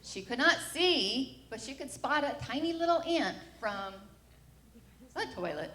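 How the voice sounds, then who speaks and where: Telling her story openly in a church sanctuary, a middle-aged mother acts out people's remarks in a high, animated voice. She's a little slow, her tone fairly bright, and the sound is roomy.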